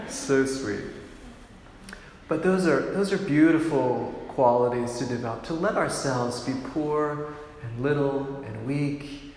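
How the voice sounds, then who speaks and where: Gentle priest preaching in an echoing hall. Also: male voice, medium pitch. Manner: gentle and reflective, unhurried, with soft laughs. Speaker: priest in a monastic order. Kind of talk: sermon. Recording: very echoey hall with long reverb, faint room noise.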